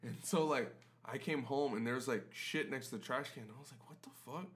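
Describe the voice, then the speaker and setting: A man's voice: mid-range voice, a little fast, a bit bright. A man co-hosting a podcast in casual chat, telling crude, profane stories and breaking into laughter. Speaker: podcast co-host.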